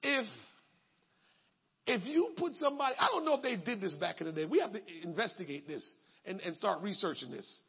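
Male preacher, gravelly, lively sermon, colloquial and emphatic. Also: high-pitched, fairly quick, highs cut off. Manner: emphatic, colloquial, bursts into shouting.

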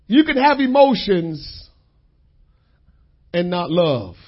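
A man preaching a sermon, repeating key lines and calling out to the congregation in drawn-out phrases. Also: high-pitched, very animated, breathy edge, dull audio.

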